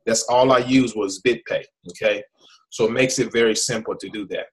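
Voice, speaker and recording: A man's voice: on the low side, steady tone, normal speed, poor audio. An American man hosting an online hangout, explaining with frequent restarts and repeated "okay?" checks. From USA. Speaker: host. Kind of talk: casual hangout presentation.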